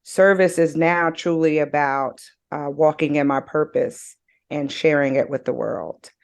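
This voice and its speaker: A woman with a notably low voice speaks slowly and deliberately over a video call. She shares earnest, emphatic reflections, stressing her key words. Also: fairly even intonation, vocal fry. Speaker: game participant. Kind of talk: reflective personal sharing.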